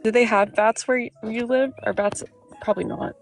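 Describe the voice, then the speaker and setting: Woman, creaky voice, teasing and bemused, live stream chat, faint music behind. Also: a little high, steady tone, a little fast.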